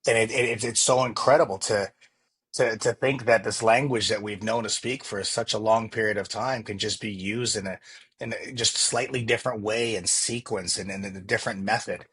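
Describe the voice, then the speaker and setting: A man's voice: lowish voice, steady tone, moderate pace, fairly bright tone, husky. A man talking earnestly as a podcast guest, often restarting and repeating words. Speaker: real estate agent, podcast guest. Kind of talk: casual interview chat.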